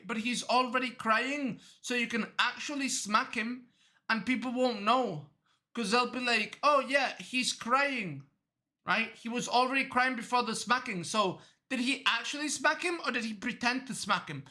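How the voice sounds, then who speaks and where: A man streaming a reaction video, riffing in an excitable, rambling, goofy way. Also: extremely high pitch, normal speed.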